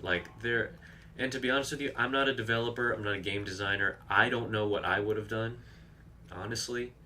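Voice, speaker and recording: A man with a fairly low but bright, forceful voice, talking through a live game stream. He chats loosely, exclaims at what happens on screen and answers his viewers' comments. A faint hiss sits under the voice. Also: a little fast.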